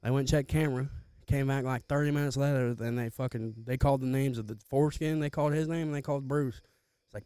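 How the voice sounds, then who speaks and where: A man's voice: mid-range voice, steady tone, quick pace, few pauses, warm tone, clean tone, no echo. A young man telling a rambling, profane story in casual chat, slangy and loose. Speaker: podcast co-host.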